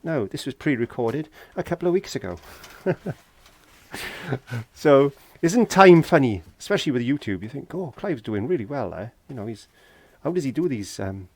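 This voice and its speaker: Expressive and darkish in tone, the mid-range voice of this Welsh man comes at a normal speed with no echo. Teaching painting in a garden shed, he runs a casual tutorial, chatting, joking and talking to himself along the way.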